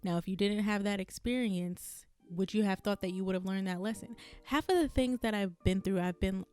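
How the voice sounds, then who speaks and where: A woman's voice: medium pitch, normal speed, darkish tone, clean tone, faint music behind. Candid, swearing young woman podcaster. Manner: candid, rambling, swears freely, laughs at herself. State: strained, burning vocal cords. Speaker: podcast host. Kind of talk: casual solo venting podcast.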